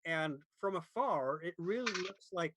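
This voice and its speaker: Hesitant game master, fairly high voice. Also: male voice, animated, background noise. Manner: halting, searching for words. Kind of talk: narrating a tabletop game.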